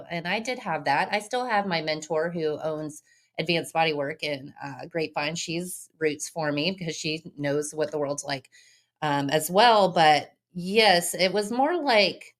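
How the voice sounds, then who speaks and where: Blunt, candid woman with a low voice. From Texas, USA. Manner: blunt, candid, acts out other people's remarks in quotes. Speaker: podcast guest, business owner. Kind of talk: casual interview conversation.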